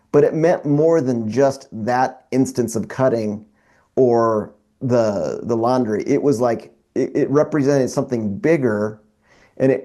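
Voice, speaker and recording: This middle-aged man has a mellow, relaxed tone and a middling pitch. He co-hosts a casual podcast chat and tells an animated story about his family, restarting his sentences often as he goes. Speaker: podcast co-host; father.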